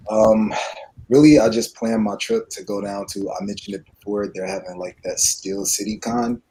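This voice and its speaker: A man's voice: lowish voice, fairly even intonation, moderate pace, dark tone, husky, poor audio. A man chatting casually on a livestream, easygoing and a bit hesitant. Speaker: panelist.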